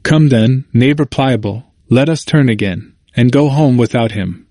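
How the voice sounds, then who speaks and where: A man's voice: mid-range voice, a little slow, warm tone, dry recording, lightly acted. Stubborn scoffing neighbor, man reads him, dry close sound. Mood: scornful. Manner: scoffing, dismissive. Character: stern scornful male neighbor.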